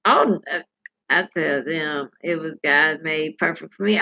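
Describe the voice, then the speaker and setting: Slow, gravelly woman in casual chat. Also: deep voice, animated, pushed and bright. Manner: candid and salty, tells stories with profanity; chatty, addresses viewers directly. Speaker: livestream host reading viewer comments. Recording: dull lo-fi recording.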